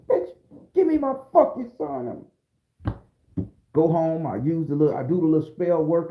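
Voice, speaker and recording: Blunt, animated Southern male storyteller; somewhat high pitch, dark tone, roomy echo. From southern Florida. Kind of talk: casual spoken storytelling. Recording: echoey room.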